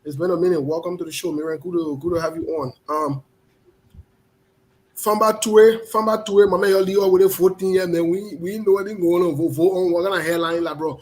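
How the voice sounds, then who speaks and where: A fairly high-voiced man hosts a casual online talk show. He greets viewers by name and switches into animated, scolding local speech. His delivery is lively and direct. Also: a little fast. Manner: animated, scolding, switches to spoken Liberian English.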